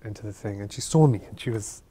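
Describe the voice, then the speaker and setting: Halting, thoughtful man telling a story. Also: on the low side, mellow, slightly rough. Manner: halting, thoughtful, circles back on words. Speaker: actor as interview guest. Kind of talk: Q&A interview, reflective storytelling.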